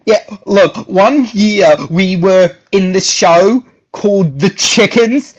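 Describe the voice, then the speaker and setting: A man talks in a loose, rambling way, cracking jokes and repeating himself. His voice sits a little high. The recording sounds dull and lo-fi. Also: slow, hardly any pauses. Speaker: guest. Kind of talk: casual chat.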